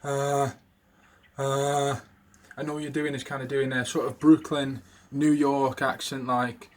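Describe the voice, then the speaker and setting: A man's voice: medium pitch, little pitch movement, slow pace. Casual male video creator teaching impressions: loose and rambling, full of fillers. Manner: rambling, with many fillers and restarts. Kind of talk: casual spoken tutorial.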